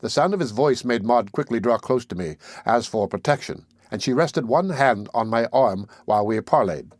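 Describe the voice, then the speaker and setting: Measured male audiobook narrator. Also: mid-range voice, animated, no room sound, studio quality. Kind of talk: first-person novel narration.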